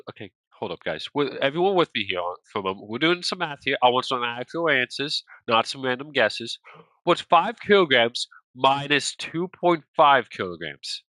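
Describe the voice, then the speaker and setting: A young man talks to his stream chat while playing, his pitch swinging widely as he gets exasperated. His voice is bright and forward, recorded close and dry with no room sound. He speaks at an unhurried pace between bursts. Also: lively intonation, no room sound. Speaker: gaming streamer. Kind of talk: casual live game chat.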